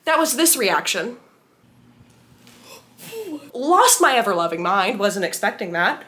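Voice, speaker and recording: A young woman talking through a book's plot in a casual spoiler review. She is animated, laughs often and reacts with big exaggerated disbelief. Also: mid-range voice, unhurried. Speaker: book vlogger.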